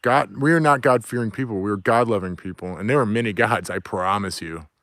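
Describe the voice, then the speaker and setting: A man's voice: lowish voice, brisk, a bit bright, no room sound. A man delivering an angry, profane, preachy rant outdoors. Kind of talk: ranting monologue. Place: outdoors near woods, with dog.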